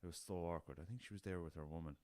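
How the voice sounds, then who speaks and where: A man's voice: low-pitched, steady tone, racing, darkish tone, no room sound. An Irish man hosting a podcast, rambling through a story in casual talk, swearing freely and calling his listeners lads. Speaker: podcast host. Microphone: podcast recorder with laptop.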